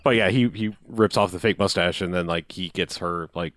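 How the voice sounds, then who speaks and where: A man's voice: deep voice, moderate pace, a bit bright, no echo, clean studio sound. A man co-hosting a casual movie discussion podcast, animatedly retelling scenes and acting out quotes. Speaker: podcast co-host.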